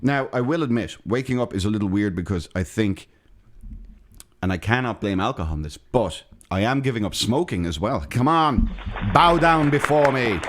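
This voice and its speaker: A man's voice: lowish voice, lively intonation, moderate pace. A man co-hosting a podcast, joking and rambling through casual banter with lots of restarts. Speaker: podcast co-host. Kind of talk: casual chat.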